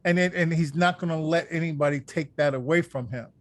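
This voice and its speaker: A man's voice: on the high side, fairly quick, no room sound. A man hosting a sports talk show, chatting loosely and enthusiastically with many fillers. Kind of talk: casual chat.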